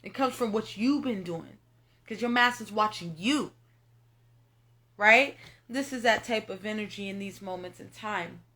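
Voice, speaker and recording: Bright-voiced woman giving a casual reading. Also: medium pitch, unhurried. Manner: emphatic, repetitive, profane, addresses viewers directly. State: tearful at moments. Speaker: tarot reader. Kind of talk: casual spiritual reading monologue.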